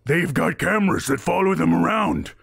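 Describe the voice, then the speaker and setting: A man's voice: sits high, lively intonation, normal speed, creaky, a bit bright, slightly rough, no room sound, studio quality, voice pushed up, full character voice. A man voicing a towering tattooed woman who calls out suspiciously in a tabletop game.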